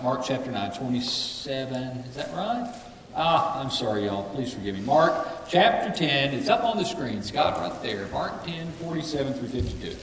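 Preacher in an echoing hall. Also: male voice, medium pitch, a bit bright, recorded from a distance, slight background noise. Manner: leads call-and-response with the congregation. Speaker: pastor. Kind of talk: sermon. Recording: echoey hall from afar.

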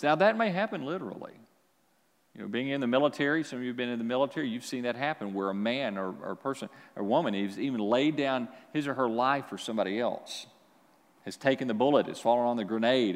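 A man preaching a sermon as pastor, with animated delivery that swings from quiet to loud. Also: medium pitch, fast, big-room sound.

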